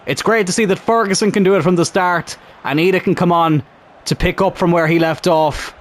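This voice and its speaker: A young man commentating on his own football video game career, calm one moment and shouting the next. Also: sits high, brisk. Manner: excitable, shouts at big moments. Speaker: gaming YouTuber.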